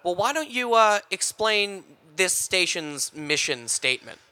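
A man's voice: sits high, big pitch swings, a little slow, bright, forceful tone, dry recording. A man co-hosting a podcast, playing it straight in an improvised comedy bit. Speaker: podcast co-host.

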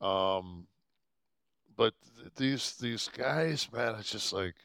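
A man co-hosting a podcast into a studio mic, with a deep voice, rambling and cursing often as he chats casually. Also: slow, creaky, a bit bright, no room sound. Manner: rambling, swears often, restarts a lot. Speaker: podcast co-host. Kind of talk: casual profane chat. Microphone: podcast microphone.

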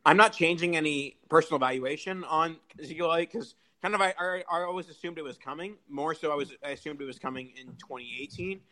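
A man's voice: on the high side, quick pace, hardly any pauses, sharp tone, poor audio. A man talking as a panelist on a casual sports podcast, restarting his sentences as he thinks aloud.

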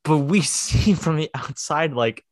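A man co-hosting a podcast in casual chat, animated and profane, acting out quotes in put-on voices. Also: on the high side, measured pace, no room sound, studio quality. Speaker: podcast co-host.

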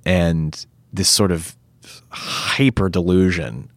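An actor chatting as an interview guest, rambling and animated, often acting out quotes. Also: male voice, low voice, slow pace, no echo. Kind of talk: casual interview chat.

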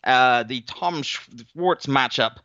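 A man weighs up fights in a dry, wry way, pausing often on fillers. His voice is bright and forward. The recording is a little dull and very dry, with no room sound. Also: mid-range voice, no echo. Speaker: boxing analyst. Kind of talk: podcast chat.

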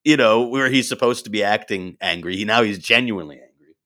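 A man, an improv performer and actor, telling animated stories in a casual chat and acting out the voices in them. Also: lowish voice, fairly quick. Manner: animated, acts out voices in his anecdotes.

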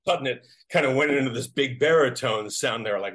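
A man, an actor, telling a story casually in an interview, animated and acting out the voices of people he quotes. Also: medium pitch, fairly quick. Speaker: actor guest.

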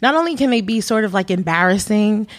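A woman in her thirties, a film director being interviewed, telling stories in a rambling, animated way with frequent laughter. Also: mid-range voice, a little fast. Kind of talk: casual interview chat.

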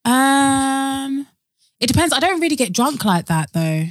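A young woman co-hosting a podcast, candid and expressive, laughing often. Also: sits high, measured pace, dry recording, studio quality. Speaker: podcast co-host. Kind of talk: casual chat.

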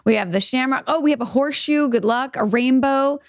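A woman's voice: sits high, a little fast. A woman co-hosting a podcast, bubbly and enthusiastic, gushing in a casual chat. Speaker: podcast co-host.

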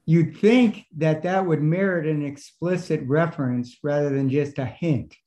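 A man's voice: on the high side, a little slow, warm tone. A male student in a religious study class, thinking aloud as he raises a question and proposes his own answer. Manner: thoughtful, reasoning aloud.

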